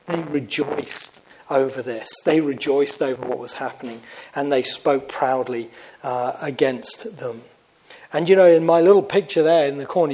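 A man preaching a sermon in an earnest, conversational way, getting louder and softer for emphasis. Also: medium pitch, low-quality recording.

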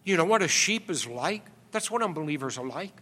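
A man's voice: on the high side, animated, brisk, bright, forceful tone, long reverb tail. A man preaching an expository sermon, earnest and rising to emphatic exhortation.

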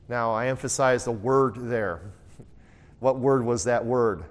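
Slow and mid-range, the man's voice carries through an interactive Bible study. As the teacher, he reads passages aloud loudly, asks his group questions, and echoes their replies.

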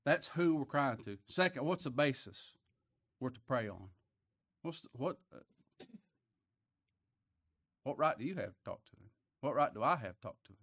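An older man preaching a sermon, swinging from hushed words to loud emphatic passages. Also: medium pitch, lively intonation, moderate pace, vocal fry, long pauses, no echo, studio quality. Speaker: pastor.

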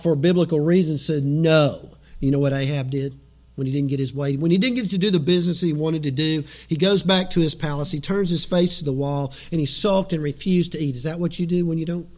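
Animated preacher, high voice. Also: male voice, fairly quick. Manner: animated preaching with quoted asides and chuckles. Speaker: pastor. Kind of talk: sermon.

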